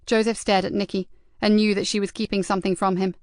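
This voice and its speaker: Smooth-voiced woman narrating a crime audiobook. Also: mid-range voice, level tone, quick pace, hardly any pauses, no room sound, studio quality. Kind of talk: scripted narration.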